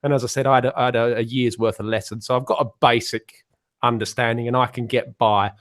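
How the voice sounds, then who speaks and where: A man's voice: medium pitch, little pitch movement, fast talker. A man, chatting casually on a panel call and rambling with lots of fillers. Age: 40s. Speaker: panel guest. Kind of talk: casual chat.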